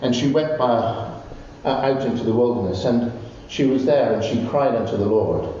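A man preaching a sermon, telling Bible stories with animated, rising exclamations. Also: medium pitch, moderate pace. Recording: distant, roomy, dull recording with faint noise.

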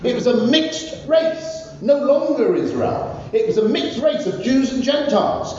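A man's voice: very high-pitched, lively intonation, measured pace, a little mellow, a little hiss or hum. A male pastor preaching a fervent, repetitive sermon in a church. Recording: echoey church hall from far off, dull.

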